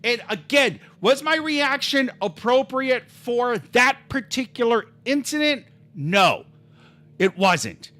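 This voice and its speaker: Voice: mid-range voice, lively intonation, slow, pushed and bright. A livestreamer telling a rambling, heated story in casual chat, swearing freely and talking over their own restarts.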